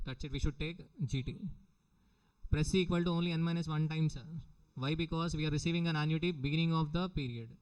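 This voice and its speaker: A middle-aged Indian English-accented man delivers a recorded exam-prep lecture. His voice sits on the higher side for a man. He repeats each point and keeps checking whether the students follow. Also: steady tone, fast talker, a little mellow, clean tone, poor audio. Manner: repetitive, questioning the students often. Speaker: teacher.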